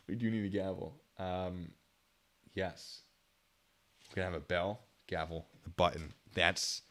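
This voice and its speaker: A man with a bright, forceful voice chats casually on his livestream, laughing often. He reads donations aloud and talks loosely to viewers. His voice sits on the low side for a man. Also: takes it slowly, pauses often. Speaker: streamer reacting to videos.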